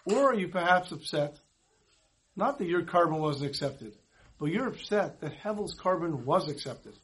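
A man's voice: on the high side, expressive, moderate pace, a bit bright, slightly rough. A man teaching a Torah class, telling stories conversationally and mixing in Hebrew and Yiddish terms. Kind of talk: storytelling sermon.

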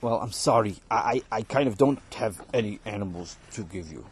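A man's voice: lowish voice, brisk, husky, voice pushed down. A man voicing an evasive employer who innocently claims he has nothing to pay with. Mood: feigned innocence. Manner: falsely innocent, apologetic.

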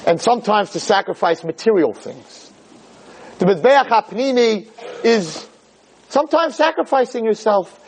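A man delivering a religious lecture with a high voice. He tells animated stories and slips into the people he is describing. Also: a little slow, slightly rough, rough recording. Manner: animated storytelling, acting out scenes.

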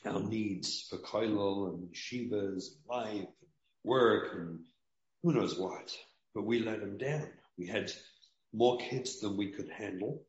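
A man's voice: lowish voice, slow. A man speaking as a rabbi in an interview, earnest and preaching, often repeating his key lines. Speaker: rabbi and parenting guest. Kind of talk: emotional interview talk. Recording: dull roomy sound.

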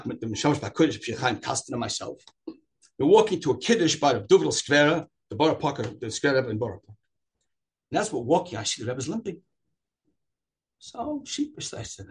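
A man telling personal stories at a memorial, animated, acting out the quoted lines and often restarting and digressing. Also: mid-range voice, slightly rough. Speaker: storyteller at a memorial gathering. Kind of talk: emotional personal storytelling.

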